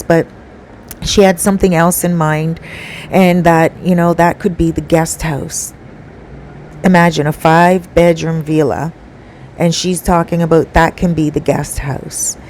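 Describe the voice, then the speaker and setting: A woman's voice: lowish voice, level tone, unhurried, darkish tone, slight background noise, poor audio. A woman telling a story in a chatty, casual way, full of fillers and asides. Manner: chatty, conversational with many fillers.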